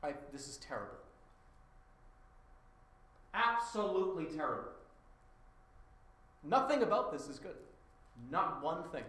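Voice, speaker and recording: A man improvising comedic bits for green screen clips. He swings between mocking shouts and low, deadpan muttering, and he swears. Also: measured pace, pauses often. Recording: very echoey room.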